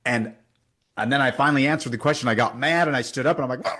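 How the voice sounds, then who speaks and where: A man with a medium-pitched voice speaks quickly as an interview guest in a casual conversation. He tells a story with energy and emphasis, acting out the dialogue he quotes, with frequent fillers and restarts.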